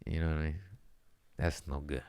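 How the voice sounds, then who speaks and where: A man's voice: very deep voice, moderate pace, smooth, no echo, studio quality. A man hosting a comedy podcast, ranting profanely and acting out voices in a casual comedic style. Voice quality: profane, animated, acts out voices.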